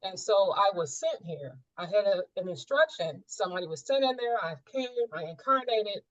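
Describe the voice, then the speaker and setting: A woman's voice: medium pitch, big pitch swings, moderate pace, no echo, low-quality recording. A woman sharing a personal experience in a group coaching session, reflective and searching, with many fillers.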